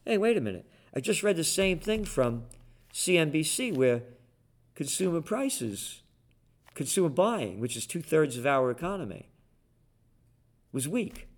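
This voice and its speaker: A man delivers a biting monologue, his voice pitched a little high, jeering at politicians and running through market news. His tone swings between mockery and blunt, rapid-fire opinion. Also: very animated. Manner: sarcastic, combative, mocking name-calling. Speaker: political and market commentary host. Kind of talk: ranting monologue commentary.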